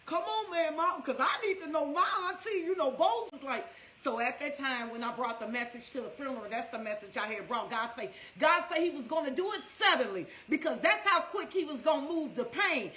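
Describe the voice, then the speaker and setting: High bright St. woman storyteller. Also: fairly quick, roomy sound, a little hiss or hum. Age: 50s. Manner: animated, laughs through emotional memories. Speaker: motivational ministry speaker. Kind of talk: personal storytelling on a livestream.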